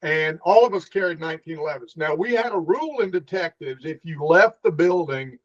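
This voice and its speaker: In a casual interview, a middle-aged ex-cop with a somewhat high voice recounts stories briskly, performing each line of dialogue with animation. The audio is muffled and low fidelity.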